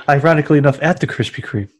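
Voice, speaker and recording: A man's voice: a little high, fast. A young man co-hosting a crude movie commentary podcast, wisecracking, laughing often and stammering. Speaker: podcast co-host.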